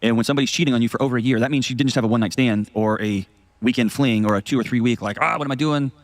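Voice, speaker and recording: A man's voice: mid-range voice, fairly even intonation, no echo. A man hosting an advice call show, talking in a casual, folksy way and telling stories to make his point. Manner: rapid, folksy, tells stories.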